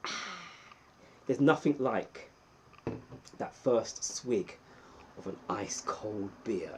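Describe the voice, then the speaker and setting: A man hosting a casual live stream, chatty and greeting viewers by name with bursts of excitement. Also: fairly low pitch, takes it slowly, pauses often, a little hiss or hum, poor audio. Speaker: livestream host.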